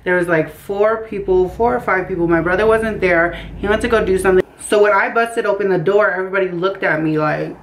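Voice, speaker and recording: A young woman telling a story casually in her bedroom, animated and acting out the quotes. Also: mid-range voice, brisk, hardly any pauses, a little hiss or hum, rough recording. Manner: animated, acts out quotes with voices. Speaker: storytime vlogger. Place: bedroom by a window.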